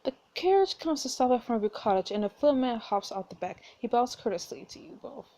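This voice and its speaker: A woman's voice: a little high, lively intonation, a little fast, mellow. A woman playing a story game, reading its narration aloud and making casual asides. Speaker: gameplay streamer.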